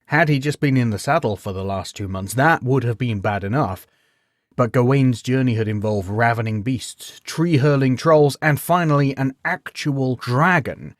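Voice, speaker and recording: A man narrating a bedtime story in an expressive, measured storytelling manner with wry humor. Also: mid-range voice, dry recording, clean studio sound.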